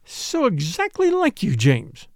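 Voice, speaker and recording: A bossy, opinionated middle-aged gossip who lectures everyone at the table, as a male reader puts her on. Her voice sits high and swoops widely in pitch. The reading is close and dry. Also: wildly swooping pitch, normal speed, no room sound, heavily acted. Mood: scolding. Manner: insistent, lecturing.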